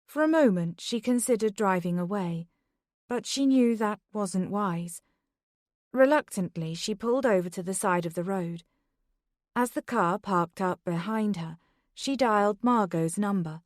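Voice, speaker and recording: A woman narrating a psychological thriller audiobook in a measured, steady voice. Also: mid-range voice, no echo, clean studio sound. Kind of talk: scripted narration.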